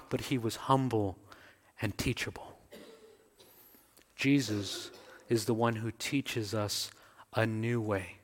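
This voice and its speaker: Slow-preaching pastor in a reverberant church. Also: male voice, medium pitch, fairly bright tone. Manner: slow, building emphatic repetitions. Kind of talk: sermon and closing prayer. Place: church sanctuary. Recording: long reverb, faint music.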